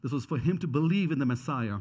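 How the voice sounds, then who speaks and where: A man's voice: mid-range voice, expressive, fast, darkish tone, husky. A man preaching a sermon as pastor. He speaks earnestly and repeats his key questions for emphasis.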